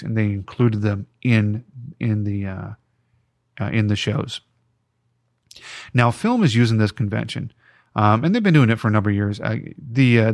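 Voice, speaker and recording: A man's voice: lowish voice, no echo, studio quality. A man hosting a podcast, giving chatty, encouraging advice with jokey asides. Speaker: podcast host. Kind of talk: casual podcast advice talk.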